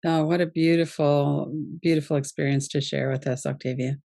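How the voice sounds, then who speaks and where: Summit host; dark, gravelly, even-toned voice; brief affirmations, dry recording. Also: mid-range voice, normal speed, dry recording. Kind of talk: interview.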